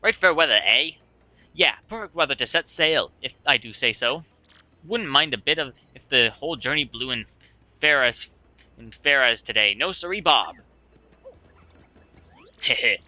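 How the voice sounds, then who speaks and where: A man's voice: mid-range voice, expressive, normal speed, long pauses, no room sound, pitched above the performer's own voice, close to an everyday voice. A man voicing an eager, boastful male sailor with a hearty, gleeful manner. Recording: dull lo-fi with music.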